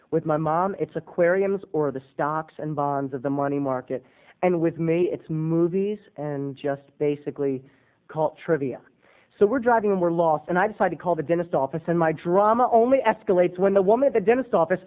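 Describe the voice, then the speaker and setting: A man in his twenties, a video blogger telling a comic story in an animated, dramatic, self-mocking way. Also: high voice, phone-quality sound. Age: 20s.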